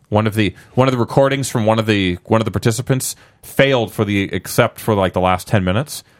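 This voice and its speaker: A man co-hosting a casual podcast, rambling and laughing at his own jokes. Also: on the low side. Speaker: podcast co-host.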